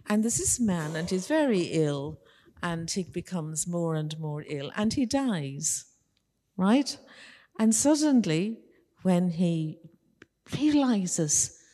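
A woman tells a children's story during a church service, gentle and animated. Her voice is low and mellow, and a long reverb hangs in the large church around her. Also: a little slow.

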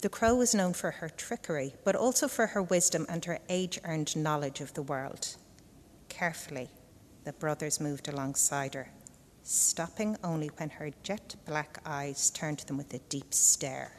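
A woman reading a children's story aloud to a church congregation in a gentle, unhurried storytelling manner. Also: deep voice, a little hiss or hum. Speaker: reader at a church service. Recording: echoey hall reverb.

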